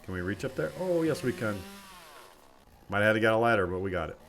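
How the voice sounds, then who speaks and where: Chatty low-voiced man streaming a game. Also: rapid-fire, fairly bright tone, a little hiss or hum. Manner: rambling, chatty, talks to viewers while playing. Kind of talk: casual live-stream commentary.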